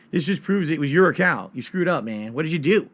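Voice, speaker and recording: A man's voice: a little high, expressive, a little fast. A man streaming games live, chatting casually and ranting bluntly with plenty of swearing. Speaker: game streamer.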